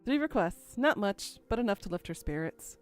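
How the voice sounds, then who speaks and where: A woman's voice: mid-range voice, animated, moderate pace, clear, resonant tone, faint music behind. Woman reading a dry first-person story. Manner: dry, musing, inward. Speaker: narrator.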